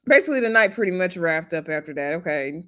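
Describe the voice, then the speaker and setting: A woman giving a casual, gossipy recap of a reality show, animated and quick to laugh. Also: fairly low pitch.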